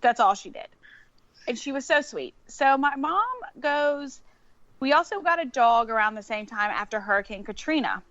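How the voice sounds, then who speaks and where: A woman's voice: on the high side, expressive, moderate pace, fairly bright tone, no echo. A woman, telling a story in casual chat and laughing often. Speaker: podcast guest. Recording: dull lo-fi sound.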